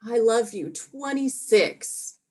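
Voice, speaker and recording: A woman voicing her clever four-year-old daughter, calm and matter-of-fact. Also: on the high side, takes it slowly. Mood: sweet sly.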